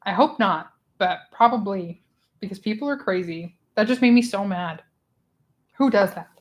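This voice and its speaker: A woman hosting a casual book club livestream, chatty and expressive, who laughs often, talking into a small clip-on mic. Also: medium pitch, moderate pace. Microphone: small clip-on microphone.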